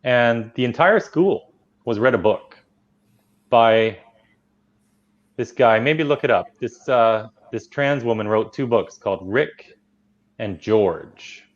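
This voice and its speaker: A man's voice: medium pitch, slow pace, pauses often. A man guest earnestly explaining and telling a story on a talk show. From Canada. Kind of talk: casual talk-show chat. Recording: dull lo-fi remote audio.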